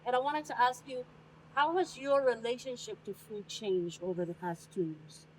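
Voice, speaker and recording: A woman's voice: on the high side, normal speed, slight background noise, poor audio. A woman hosting an interview, speaking candidly and earnestly, sometimes while eating. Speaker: interview host. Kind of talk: casual conversational interview. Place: restaurant dining room, indoors.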